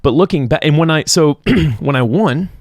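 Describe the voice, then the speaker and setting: A man's voice: on the high side, moderate pace, dry recording. A man hosting a podcast, chatting casually and reflecting on his own experience with many fillers. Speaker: podcast host. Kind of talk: casual conversation.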